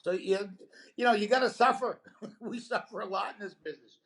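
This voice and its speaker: A man's voice: high voice, a little fast, creaky, a bit bright. A middle-aged male comedian on a radio show, telling a rambling road story full of fillers and laughs. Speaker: comedian guest. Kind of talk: casual storytelling interview. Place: radio studio.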